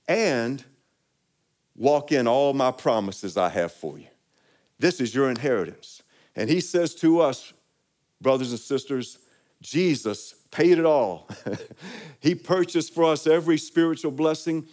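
A man's voice: mid-range voice, lively intonation, a little slow, pauses often, a little mellow. A man preaching a sermon, leading the congregation in call-and-response and building to emphatic peaks. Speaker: pastor.

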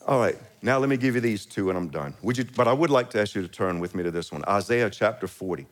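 A man's voice: on the low side, lively intonation, quick pace. A man preaching a sermon, reading scripture aloud and lifting his voice on key lines, with short chuckles between phrases and calls to the congregation to repeat after him. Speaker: pastor.

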